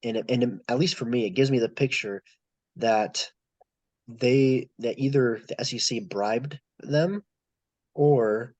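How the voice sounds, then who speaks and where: A man's voice: mid-range voice, unhurried, a little mellow, dry recording, muffled recording. A man co-hosting a podcast, rambling through his opinions on college football with many restarts. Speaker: podcast co-host. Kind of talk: casual sports discussion.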